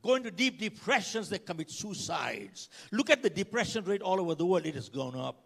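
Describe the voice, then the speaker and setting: An older motivational speaker gives a keynote to a live audience in a conference hall, with reverberant hall sound. His voice sits high and sing-song, fairly quick, creaky, a bit bright, with a breathy edge, as he tells stories dramatically, acts out dialogue, and asks the crowd questions.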